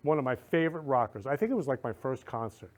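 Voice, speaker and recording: A man's voice: mid-range voice, lively intonation, fast talker, darkish tone. A man hosting a talk show, gushing and repeating himself, emotional, leading a spoken prayer.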